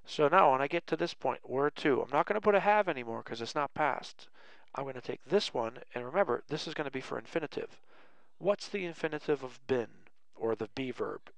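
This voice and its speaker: Gravelly male teacher, dry close sound. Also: medium pitch, expressive, a bit bright, no room sound. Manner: slow, deliberate word-by-word dictation; light self-mocking humor. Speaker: English teacher. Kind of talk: grammar lesson at a board.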